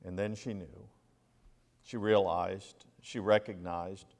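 A male minister delivers a sermon in a church sanctuary, his voice sitting on the low side. He reads scripture aloud with dramatic pauses and emphasis. A long reverb from the large hall trails after each phrase. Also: level tone, gravelly, a little mellow. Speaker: interim lead minister.

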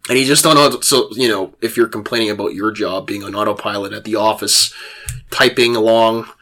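A male podcast host telling a war story in casual chat, animated and laughing, with frequent restarts. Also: on the low side, brisk.

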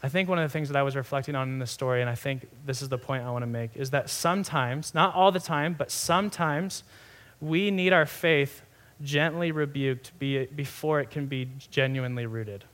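A man's voice: medium pitch, moderate pace, a bit bright. A young adult man giving a sermon in a conversational, earnest way, often restarting phrases and saying "like". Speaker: pastor.

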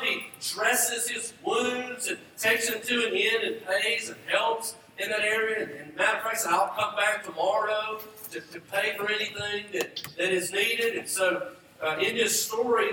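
Heard from afar in a reverberant church hall, this preacher delivers an emphatic sermon built on repeated rhetorical questions. His very high voice has a sharp edge, with slight background noise.

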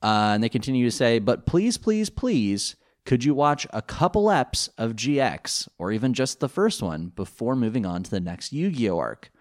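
A man's voice: medium pitch, big pitch swings, moderate pace, hardly any pauses. A man co-hosting a casual podcast, rambling with lots of fillers and restarts. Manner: rambling, many fillers and restarts, laughs easily. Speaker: podcast co-host. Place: home.

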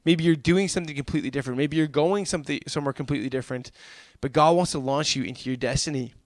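A man's voice: on the high side, very fast, dry recording, studio quality. A young adult man preaching a sermon, fervent and calling his listeners "guys".

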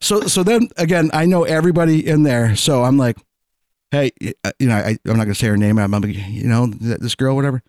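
A man's voice: medium pitch, no room sound, studio quality. A man telling a story in casual chat, acting out what people said. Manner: fast, animated storyteller acting out quotes.

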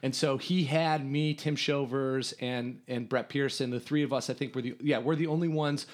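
A man from Hungary, a podcast guest, telling a story in an animated, rambling way with lots of restarts. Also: medium pitch, moderate pace. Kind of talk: casual storytelling.

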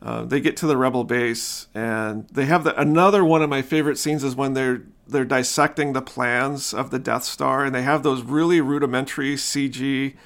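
A podcast host in casual chat, animated, acting out quotes in excited voices. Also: male voice, mid-range voice, normal speed, hardly any pauses.

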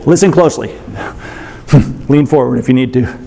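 A man's voice: medium pitch, normal speed, creaky, long pauses, mellow. A male pastor preaching a sermon, teaching and asking the congregation questions.

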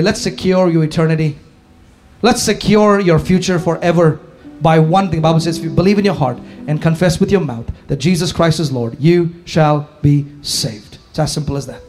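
Male pastor, fervent sermon, high-pitched, soft guitar underneath. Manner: impassioned preaching, swinging from shouts to hushed tones. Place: church hall before a congregation.

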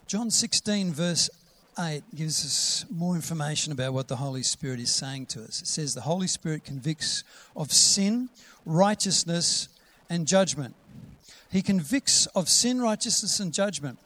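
Guy preaching a sermon, kinda high voice, reads bible verses and gets louder for emphasis. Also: expressive, normal speed. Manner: drops to a soft whisper to act out a gentle voice.

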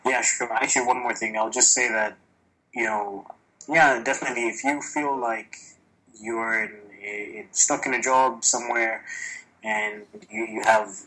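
Bright-voiced candid man, swearing freely. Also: medium pitch, measured pace, rough recording. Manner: candid, profane, animated storytelling. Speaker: podcast guest. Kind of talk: casual podcast chat. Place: lives in China, recorded remotely or in a room.

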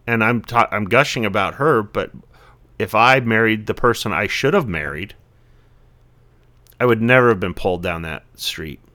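A man's voice: fairly low pitch, moderate pace, pushed and bright. A man in his forties, a podcast guest talking casually and reflectively, rambling with lots of "you know" fillers. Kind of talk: casual conversation.

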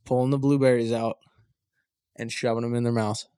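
A man co-hosting a podcast, telling a story in animated bursts and laughing mid-story. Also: medium pitch, fairly quick, smooth, no room sound, studio quality. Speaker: podcast co-host. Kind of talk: casual chat.

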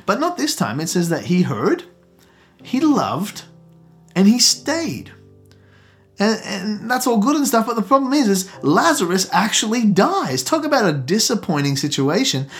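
A man's voice: high voice, very animated, unhurried. A man preaching a sermon with rising emphasis and call-outs to the congregation. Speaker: pastor. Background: soft guitar music.

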